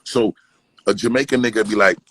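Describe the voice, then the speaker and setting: A man from Brooklyn, telling animated, profane stories as a guest and slipping into impressions. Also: fairly low pitch, brisk, a little hiss or hum, low-quality recording. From East Flatbush, Brooklyn, New York. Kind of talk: casual storytelling.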